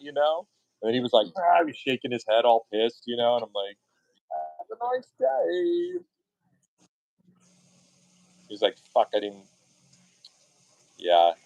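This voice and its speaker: A man chats through his art stream with a lively, swooping delivery, breaking into high mock voices and snatches of song as he tells his stories. His voice sounds dry and close, with no room around it. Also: dry recording, poor audio. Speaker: artist streaming his work. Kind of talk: casual storytelling chat.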